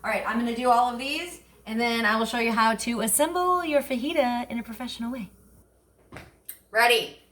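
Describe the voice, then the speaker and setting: A woman's voice: a little high, a little fast, fairly bright tone. A woman hosting a casual home cooking demonstration, chatty and enthusiastic, asking herself questions and then answering them. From Italian family background. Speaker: cooking show host. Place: home kitchen. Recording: echoey kitchen with faint noise.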